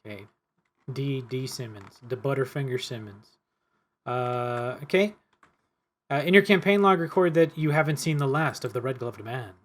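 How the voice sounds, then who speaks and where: A man playing a board game, chatting casually in a hesitant, halting way. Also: medium pitch. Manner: hesitant, many fillers and restarts. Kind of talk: casual chat.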